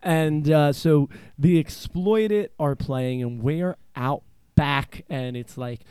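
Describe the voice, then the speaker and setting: Pennsylvania guy rambling and cursing thru a host chat, kinda high voice, dry close sound. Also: slow pace, darkish tone, smooth, dry recording. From eastern Pennsylvania. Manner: profane, rambling storyteller with lots of filler. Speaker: podcast host. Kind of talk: casual chat.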